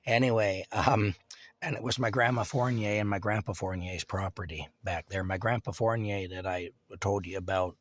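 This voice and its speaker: A man with a fairly low voice tells a meandering story from his childhood. He wanders through fillers, restarts and little chuckles as he goes. The recording is dry, with no room sound. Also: a bit bright, no echo. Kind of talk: casual spoken reminiscence.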